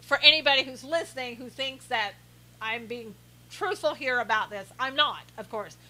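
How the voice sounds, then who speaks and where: A woman with a high, bright voice chats through a live stream, playfully sarcastic and quick to laugh. She answers her viewers' comments one by one in a teasing, mock-serious way. A faint hum sits under her voice. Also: low-quality recording.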